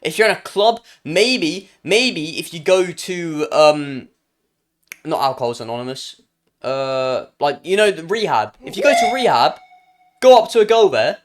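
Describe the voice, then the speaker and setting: A man's voice: a little high, animated, a little slow. A young British man streaming live, reacting to chat with jokes and playful banter, often trailing off and restarting his sentences.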